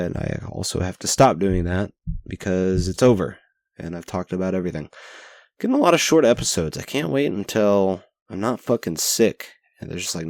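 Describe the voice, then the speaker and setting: The recording is dry and clean as a young man, his voice low and a little mellow, talks into a headset mic with pop filter. He hosts a rambling spoken-journal podcast, joking at his own expense and swearing casually.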